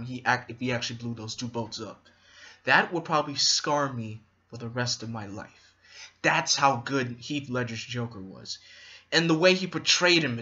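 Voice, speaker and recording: A man's voice: mid-range voice, sharp tone, highs cut off. A man giving an enthusiastic, rambling movie review in a casual vlog.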